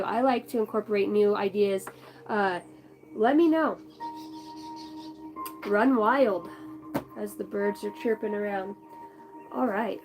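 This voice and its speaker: A woman's voice: medium pitch, poor audio. A young woman in a rambling, chatty vlog, doing a spiritual card reading and talking casually, with the odd swear word. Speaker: spiritual channel host.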